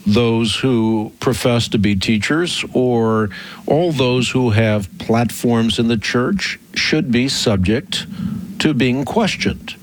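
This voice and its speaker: A man hosting a radio call-in program, answering a caller in a measured, emphatic teaching manner that stretches out key phrases. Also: mid-range voice, dry recording.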